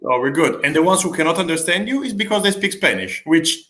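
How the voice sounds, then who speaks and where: A man's voice: a little high, lively intonation, fast talker, fairly bright tone. A man hosting a craft livestream in casual chat, hesitant with many fillers, playful and teasing.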